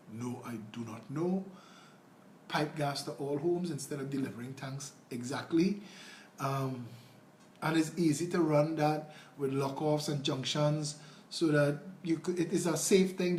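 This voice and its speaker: On a relaxed livestream, a male political candidate with a Trinidadian accent responds to viewer comments, earnest and chatty, drifting as he goes. His voice is somewhat high with a darkish tone, and the recording is roomy with a little background noise.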